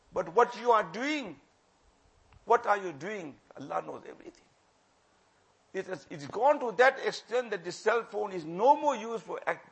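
A man delivers a sermon in a husky, gravelly voice. He pleads and warns with passion, hammering phrases again and again and dropping suddenly to a near hush. His voice sits high for a man. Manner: impassioned, repeats phrases for emphasis, swings from loud to hushed. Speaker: religious preacher.

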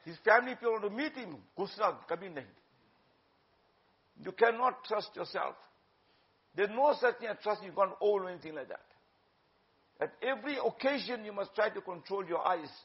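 A man delivers a sermon, urging and exhorting his listeners and slipping into Urdu phrases. His voice sits high for a man. The recording is dull and lo-fi. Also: lively intonation, moderate pace, pauses often. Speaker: preacher.

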